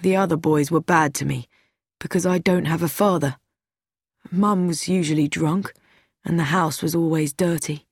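A woman's voice: deep voice, fairly even intonation, normal speed, slightly rough, no room sound, clean studio sound. A woman voicing an apologetic sad young man. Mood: pleading. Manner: pleading, self-pitying. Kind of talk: audiobook reading.

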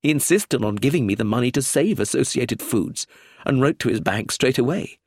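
A man's voice: mid-range voice, expressive, normal speed, breathy edge, no room sound, studio quality, voice pushed up. A man reading a storybook, voicing a clumsy, anxious middle-aged businessman who pleads eagerly. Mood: earnest, flustered.

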